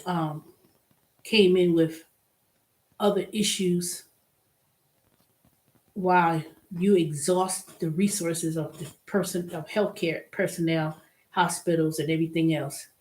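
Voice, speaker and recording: A woman's voice: fairly low pitch, steady tone, slow pace, pauses often, darkish tone. A woman hosting her own vlog, talking casually and bluntly with strong emphasis, moving from exasperation to delight. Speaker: vlog host. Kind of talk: casual solo rant.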